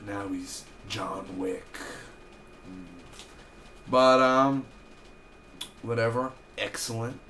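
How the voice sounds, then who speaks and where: A young man casually recapping and reviewing a TV episode in an excitable, chatty way, peppering his talk with "basically" and "man.". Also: lowish voice, very slow, long pauses, a little hiss or hum. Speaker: TV show reviewer. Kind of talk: casual spoiler review vlog.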